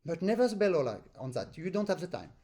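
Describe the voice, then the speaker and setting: High-voiced man teaching by video call. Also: sing-song, quick pace. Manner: explains with sung syllables to demonstrate phrasing; non-native English phrasing. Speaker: accordion teacher. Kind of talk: live online master class.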